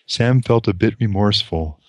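A male lecturer reads passages from a novel aloud and comments on them reflectively. His voice is very low. The sound is close and dry. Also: darkish tone, no echo. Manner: deliberate and reflective, pausing to explain.

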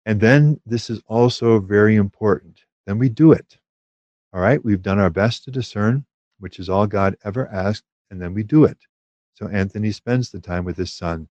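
A man giving a calm, measured spiritual teaching on prayer, with small fillers and restarts. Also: fairly low pitch, dry recording, lo-fi sound.

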